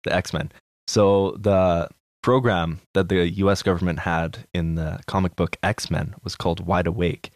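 A man's voice: low voice, steady tone, unhurried, no echo, studio quality. A man co-hosting a casual podcast, talking laid-back and swearing freely. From Canada. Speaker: podcast co-host. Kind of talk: casual news chat.

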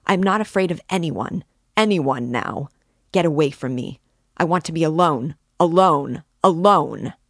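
A woman's voice: low voice, slow pace, no room sound, studio quality. A woman reading the lines of a sick young man who speaks with bitter, frenzied fury. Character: feverish, furious young man, sick in bed.

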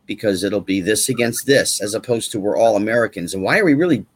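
A man's voice: fairly low pitch, lively intonation, fast, husky. A man talking as a guest in a casual chat, emphatic and repetitive, firing off rhetorical questions.

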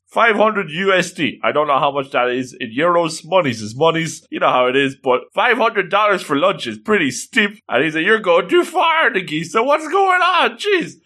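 A man excitedly recapping a cartoon episode, laughing and exclaiming often. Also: on the high side. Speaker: anime recap host.

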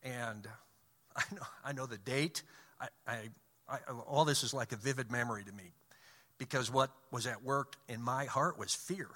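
A man's voice: mid-range voice, moderate pace, bright, forceful tone. A middle-aged man giving an earnest storytelling talk of faith and fear at work, acting out the voices he quotes. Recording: long hall reverb.

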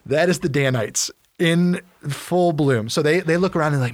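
A man hosts a casual podcast, animatedly retelling a Bible story and acting out the characters in quick, casual voices. His voice sits on the high side.

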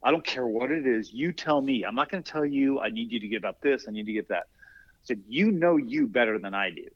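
An older man, a masters athlete and former firefighter, telling stories in a relaxed interview and acting out the dialogue he quotes. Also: medium pitch, fairly quick, no echo. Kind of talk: casual storytelling in an interview. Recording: dry, dull lo-fi podcast audio.

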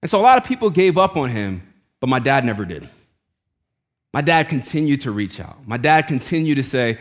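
A man's voice: very animated, normal speed. Casual-talking male preacher telling stories. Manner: conversational, casual slang, voice drops low and quiet for quoted lines. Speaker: pastor. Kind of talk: sermon with personal storytelling.

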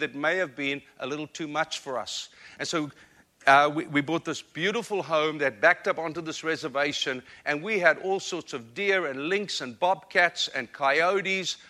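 Bright-voiced preacher with an African accent. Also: male voice, a little high, normal speed. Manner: earnest, self-deprecating, repeats words when building up. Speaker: guest preacher. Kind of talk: sermon with storytelling.

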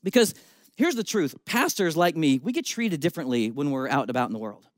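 A man, a pastor, preaching a sermon with a lively storytelling delivery and shifting emphasis. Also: fairly high pitch, brisk, dry recording.

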